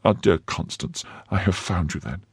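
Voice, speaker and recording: A man reading the part of a cunning noblewoman who hides her cruelty behind feigned warmth, with a husky voice. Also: deep voice, normal speed, dry recording, clean studio sound, exaggerated voice. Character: cunning noble lady, cold schemer.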